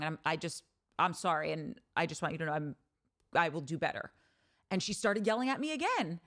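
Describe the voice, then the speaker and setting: A woman hosting a podcast, talking in a candid, animated monologue, telling stories with frequent swearing and restarts. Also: medium pitch. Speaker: podcast host. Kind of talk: casual monologue.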